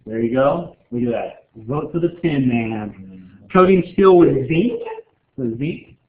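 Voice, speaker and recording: A man's voice: medium pitch, lively intonation, slow. A man teaching a chemistry class in a casual, joking way, rambling with lots of filler words. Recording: echoey room over a tinny, phone-like line.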